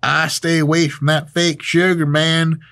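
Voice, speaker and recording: A hearty Southern good old boy with a broad Southern US drawl, as a man hams him up. He talks in loose slang, pitched up and full of cheer, and his voice sounds a little set back from the mic. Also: little pitch movement, unhurried, fairly bright tone. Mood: folksy. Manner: drawling, slangy, high-spirited.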